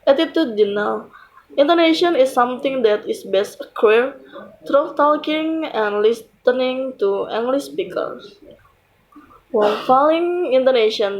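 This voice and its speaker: Slow-reading young woman. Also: fairly high pitch, low-quality recording. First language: Indonesian. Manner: slow, careful reading with pauses between phrases. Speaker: student presenter. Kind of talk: reading a prepared class presentation.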